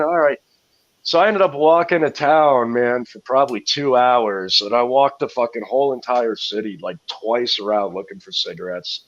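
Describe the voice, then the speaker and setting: A man's voice: lowish voice, lively intonation, moderate pace, a bit bright, lo-fi sound. A man guesting on a podcast, telling loose, profane stories that he laughs through. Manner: profane, rambling, laughing often. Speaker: guest touring musician. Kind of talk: casual podcast storytelling.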